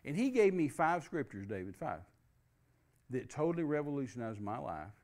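An older man, a preacher, telling a personal testimony in a lively storytelling way and acting out the dialogue he quotes. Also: mid-range voice, moderate pace. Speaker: guest preacher.

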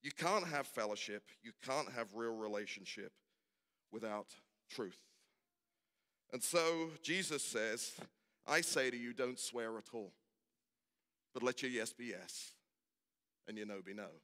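A man's voice: mid-range voice, measured pace, pauses often, pushed and bright. A man preaches a sermon, building his point through rhetorical questions and repeated refrains that rise in intensity. His voice carries through a large space with a long, lingering reverb.

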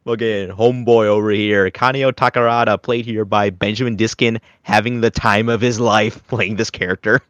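A man's voice: lowish voice, fairly even intonation, normal speed, hardly any pauses, fairly bright tone, dry recording, muffled recording. A man hosting a casual anime review podcast, recapping animatedly and slipping into goofy voices. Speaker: podcast host.

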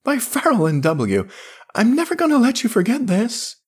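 A man voicing an excitable young male space adventurer in a raised, urgent voice. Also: high-pitched, measured pace, slightly rough, pitched above the performer's own voice, full character voice. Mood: excited.

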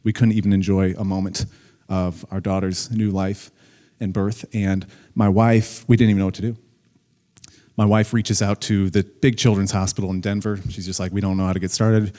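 A young adult man, a pastor, giving a conversational, animated sermon to a congregation. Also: low voice, normal speed.

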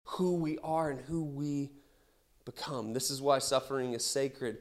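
A male pastor in his thirties delivers a sermon, building to loud emphatic peaks before dropping to quiet, intimate asides. He repeats key lines for weight and slips into casual storytelling. His voice sits in an ordinary middle register. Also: medium pitch, measured pace.

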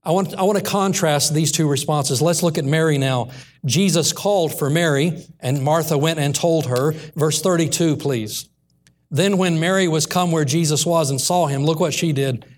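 A man preaching a sermon in a church, reading scripture aloud and slowing down earnestly on the key lines. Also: fairly high pitch.

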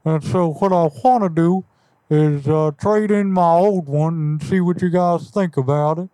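A man's voice: on the high side, unhurried, warm tone, no echo, natural voice. A man putting on a folksy middle-aged Texan cartoon dad during a prank call, drawling and repeating his catchphrase. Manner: drawling, folksy, repeats "I tell you what".

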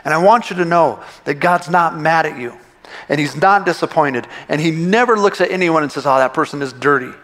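A man's voice: on the high side, a little fast, fairly bright tone. A man preaching a sermon in a church, impassioned and emphatic, often repeating and restarting his phrases. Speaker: pastor. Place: church sanctuary. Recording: long reverb of a large hall.

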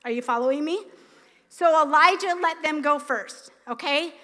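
A woman pastor preaching a sermon, retelling scripture in an animated way with acted quotes. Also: high voice, normal speed, in a large hall. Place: church sanctuary.

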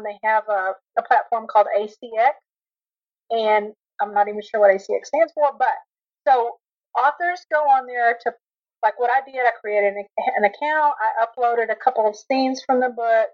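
A woman with a Texas accent, a guest author talking eagerly with many restarts in a casual podcast interview. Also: on the high side. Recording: dull lo-fi audio.

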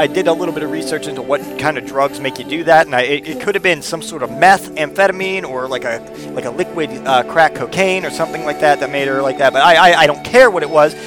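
A man in his thirties telling a personal story in a rambling, profane way, often repeating words. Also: fairly high pitch. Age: 30s.

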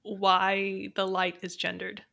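A woman's voice: medium pitch, monotone, slow pace, creaky, pushed and bright. A woman in a casual film discussion, thoughtfully posing questions to her co-hosts.

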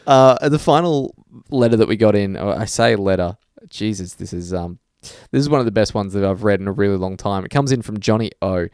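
A man's voice: on the low side, a little fast, few pauses, darkish tone, smooth, no room sound, clean studio sound. A man co-hosting a podcast, reading listener mail in casual chat, laughing and swearing freely. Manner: laughs often, swears freely, slips into voices. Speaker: podcast co-host.

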